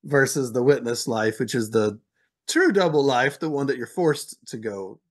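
A man hosting a podcast, calmly reflecting on and summing up what his guest says. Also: mid-range voice, normal speed. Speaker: podcast host. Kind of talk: casual interview commentary.

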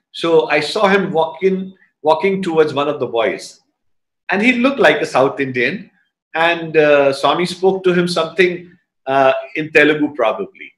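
A middle-aged man shares a devotional memory in a reflective, storytelling manner, his voice sitting a little higher than most men's. It has a roomy, echoing sound around it. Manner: storytelling, reflective, gently animated. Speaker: satsang speaker. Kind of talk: devotional talk, personal reminiscence. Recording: roomy echo.

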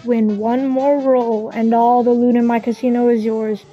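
A woman voicing a scheming male devil who owns a casino, reading his threats in a booming, menacing way. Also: level tone, normal speed, highs cut off, faint music behind, natural voice.

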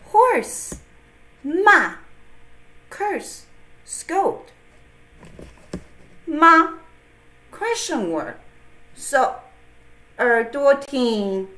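A woman's voice: high-pitched, pushed and bright. A woman teaching a lesson, drawing words out and repeating them for learners. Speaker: Mandarin teacher. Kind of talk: slow classroom lesson. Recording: echoey room.

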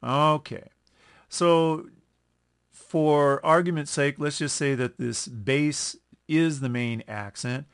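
Slow-talking male music teacher. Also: a little high, fairly even intonation, clear, resonant tone. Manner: slow, explanatory, self-correcting, counts beats aloud. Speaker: music instructor. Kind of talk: screen-recorded music lesson.

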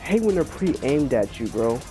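A young man talks through a video game in a loose, swearing commentary, quick to get annoyed and jumping into loud bursts. His pitch swings wide from low mutters to yelps. Loud game music plays under his voice. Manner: swearing, easily annoyed, excitable outbursts. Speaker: gameplay commentator. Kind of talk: casual gaming commentary. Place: home room, over game audio.

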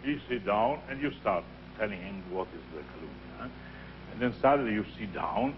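An older man with an Italian accent coaches young singers, his speech animated as he acts out little scenes and voices. The recording is dull and lo-fi, with a faint hiss behind him. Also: on the low side, normal speed. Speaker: opera teacher leading a masterclass. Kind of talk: teaching and storytelling.

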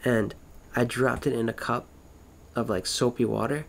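A man's voice: mid-range voice, steady tone, normal speed, vocal fry, a little hiss or hum. A man rambling through a casual monologue, swearing constantly, wandering between thoughts and trailing off mid-sentence. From Florida.

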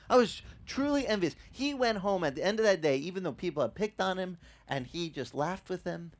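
Male pastor, middle-aged, lively storytelling preacher with a slightly high voice. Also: fairly quick, hardly any pauses. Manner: animated storytelling that acts out dialogue. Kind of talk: sermon.

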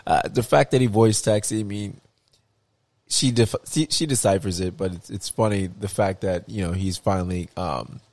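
A man in his thirties chats casually on a podcast, telling animated stories and acting out the people in them. His voice sits on the low side. The sound is dry and close. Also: normal speed, no room sound. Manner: animated storyteller, mimics people in raised voices. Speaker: podcast co-host. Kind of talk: casual chat.

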